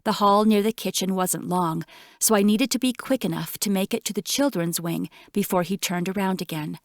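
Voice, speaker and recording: A woman narrating an audiobook in first person, with measured, tense storytelling. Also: medium pitch, dry recording, clean studio sound.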